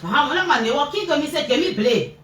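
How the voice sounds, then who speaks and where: A fast-talking mother with a Liberian English accent tells reporters, with deep emotion, what happened to her son. Her storytelling is animated, full of acted-out shouts and wild leaps in pitch. A distant mic captures her in a roomy space with faint background noise.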